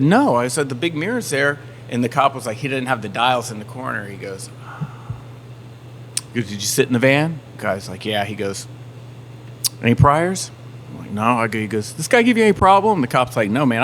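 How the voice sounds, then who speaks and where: A man's voice: medium pitch, fairly quick, a little hiss or hum. A man from the Southern United States, a band member telling a story on a podcast and acting out everyone's lines. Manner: animated storyteller acting out quotes.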